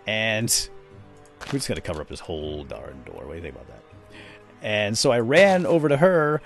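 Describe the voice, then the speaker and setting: Lively, low-voiced man telling a game story. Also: a little fast, creaky, faint music behind. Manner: chatty storyteller, rambling asides. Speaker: host. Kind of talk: casual let's-play commentary.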